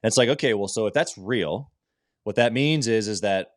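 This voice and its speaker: A male podcast host who talks quickly and with upbeat, motivational energy. His voice sits at an ordinary pitch and comes across dry and close on the mic, with no room sound around it. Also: expressive, dry recording. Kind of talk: casual interview chat.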